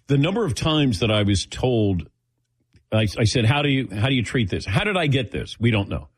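A middle-aged show host tells a chatty personal story while taking audience questions, acting out the voices of those he quotes. His medium-pitched voice is husky, very animated, and fairly quick. The sound is studio quality with no echo.

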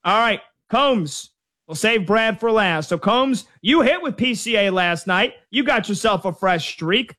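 A man hosting a casual sports show with upbeat, quick patter. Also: sits high, animated, pushed and bright.

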